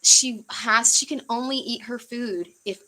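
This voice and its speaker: A woman's voice: fairly high pitch, a little slow, bright, forceful tone, low-quality recording. A young woman from the United States chatting casually on a livestream, rambling with fillers and easy laughs. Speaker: livestream host.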